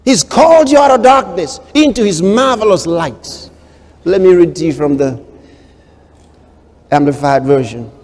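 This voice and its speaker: A man preaching a sermon as pastor, swinging between hushed storytelling and loud proclamations and acting out quoted voices. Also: sits high, lively intonation, a little slow, pauses often, in a large hall.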